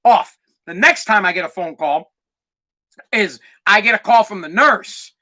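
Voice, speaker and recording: A man hosting a podcast, telling a comic story as an animated rant, swearing and acting out other people's voices. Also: high voice, a little slow. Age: adult parent of a twelve-year-old. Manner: animated, acts out voices, swears, gets loud when ranting. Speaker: podcast host.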